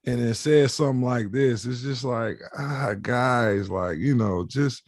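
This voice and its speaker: Mid-pitched man in casual podcast talk. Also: moderate pace, hardly any pauses, dry recording, studio quality. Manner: conversational, asks for agreement with asides. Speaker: podcast co-host. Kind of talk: casual sports chat.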